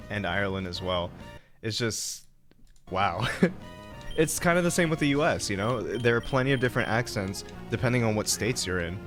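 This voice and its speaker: Young male streamer, lowish pitch, loose casual rambling, light music bed. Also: fairly bright tone. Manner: rambling, lots of fillers and laughs. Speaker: game streamer. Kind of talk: casual chat while playing.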